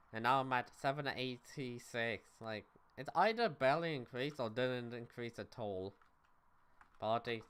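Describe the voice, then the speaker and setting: A young man talks through a video game on a livestream in a relaxed, unscripted way, answering his chat as he goes. His voice is smooth and clear and sits in an ordinary middle pitch for a man. Keyboard typing clicks away in the background. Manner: loose and offhand, reads chat aloud, swears casually. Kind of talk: casual gaming stream chatter.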